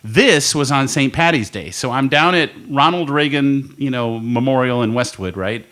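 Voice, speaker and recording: A man's voice: mid-range voice, normal speed, a bit bright. A man co-hosting a podcast in a studio, telling a long story in casual chat, swearing and laughing as he goes. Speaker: podcast co-host. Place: recording studio.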